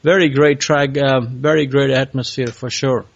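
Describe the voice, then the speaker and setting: A man hosting a podcast, interviewing a guest in a halting way with many pauses. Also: mid-range voice, fairly even intonation, creaky, muffled recording. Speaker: podcast host. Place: California.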